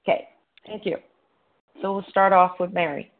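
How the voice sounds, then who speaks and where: A woman's voice: fairly low pitch, fairly even intonation, measured pace. A woman chairing a recovery meeting, politely calling on the next speakers. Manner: polite, facilitating. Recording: tinny phone-line audio.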